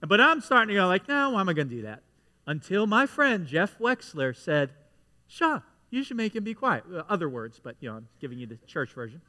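Male pastor, high bright voice, lively storyteller preaching in a church, long reverb. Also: brisk. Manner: lively storytelling with audience asides. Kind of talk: sermon. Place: church sanctuary.

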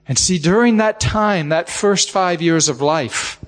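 Male preacher, high voice, heartfelt storytelling sermon, long echoing reverb of a church hall. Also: measured pace. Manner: heartfelt storytelling, repeats "just" often.

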